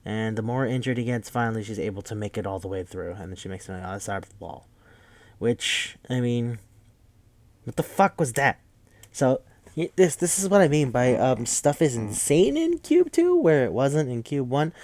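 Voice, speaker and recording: A man's voice: mid-range voice, expressive, normal speed, a little mellow, no room sound. Rambling, profane man recapping a movie. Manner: rambling, profane, full of fillers. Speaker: podcast host.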